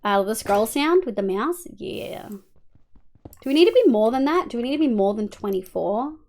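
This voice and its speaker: A woman's voice: on the high side, lively intonation, normal speed, darkish tone. A woman with an Australian accent, casually streaming a game and chatting with viewers, rambling with lots of ums and muttering while she builds. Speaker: livestreamer.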